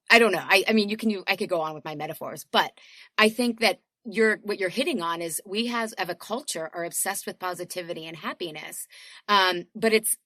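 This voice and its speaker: Woman guest chatting on a podcast, laughs a lot, acts out quotes, mid pitch, dry close sound. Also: dry recording. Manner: animated, laughs often, acts out voices in quotes. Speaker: podcast guest, health coach. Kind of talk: casual chat.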